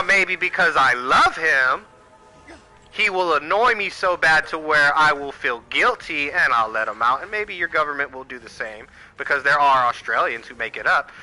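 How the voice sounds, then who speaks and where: Firing rhetorical questions at the camera, an American man with a sharp, fairly high voice delivers an angry, profanity-laden political rant for his channel. It's a low-quality recording.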